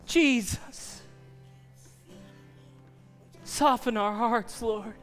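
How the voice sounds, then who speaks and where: Male pastor, very high voice, earnest pleading sermon with hushed moments, faint music bed. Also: very slow, big-room sound. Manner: earnest, pleading, drops to soft near-whispers. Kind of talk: altar-call sermon.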